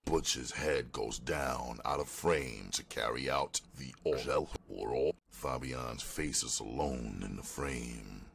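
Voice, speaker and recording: A man narrating the stage directions of a screenplay in a slow, measured, flat delivery. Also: a bass voice, vocal fry, slight background noise.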